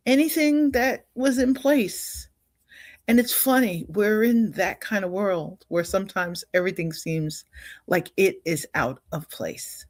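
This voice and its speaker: A woman's voice: medium pitch, dry recording, studio quality. An older woman hosting a livestream in a casual, upbeat way, often laughing and greeting viewers by name. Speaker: livestream host.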